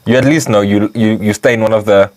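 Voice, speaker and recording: A man's voice: lowish voice, steady tone, quick pace, a little mellow. Laid-back South African man chatting. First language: Afrikaans. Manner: laid-back, profane, repeats himself. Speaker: podcast co-host. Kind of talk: casual podcast chat.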